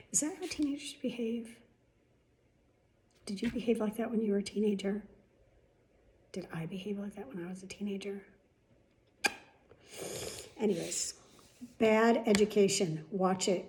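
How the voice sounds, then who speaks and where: A woman's voice: medium pitch, warm tone. A middle-aged woman chatting casually and rambling through stories, often swearing. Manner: chatty, profane, rambling storyteller. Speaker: vlog host. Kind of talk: casual chat.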